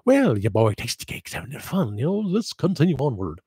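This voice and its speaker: A man's voice: medium pitch, sing-song, moderate pace, warm tone, husky, no room sound, studio quality, full character voice. A man putting on a brash, lewd nighttime alter ego who boasts about himself. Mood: playful.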